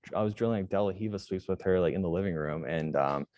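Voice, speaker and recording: A man's voice: sits low, fast, darkish tone, no room sound. A young man, a jiujitsu instructor, answering interview questions casually in a rambling way, full of fillers and restarts. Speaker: jiujitsu instructor and gym owner.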